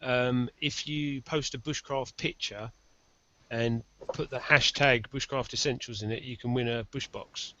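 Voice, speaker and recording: A man's voice: medium pitch, fairly even intonation, a little slow, sharp tone. A man in casual podcast chat, easygoing and agreeable. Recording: dull lo-fi audio.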